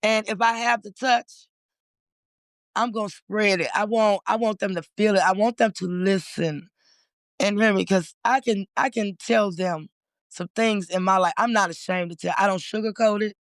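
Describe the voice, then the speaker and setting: A woman's voice: medium pitch, fairly even intonation, normal speed, no room sound, studio quality. A woman, a community organizer telling her story as a guest in a casual interview, candid and emotional with many restarts.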